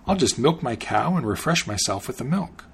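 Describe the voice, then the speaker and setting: A man's voice: medium pitch, very animated, moderate pace, vocal fry, fairly bright tone, breathy edge, exaggerated voice. A man reading the part of a naive, cheerful young traveler in a storybook tale, speaking eagerly.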